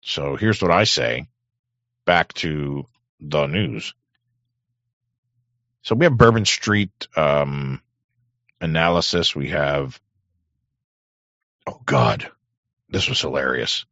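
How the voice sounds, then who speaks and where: A man hosting a talk show, rambling in crude, sarcastic casual commentary with a hoarse voice. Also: very deep voice, lively intonation, slow pace, long pauses, a bit bright, dry recording, highs cut off. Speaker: podcast host.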